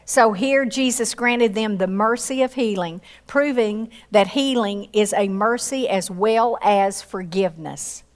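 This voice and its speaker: A woman preaching a sermon with passion, acting out quoted voices and rising to high exclamations. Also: unhurried, few pauses. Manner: acts out quoted voices in her storytelling.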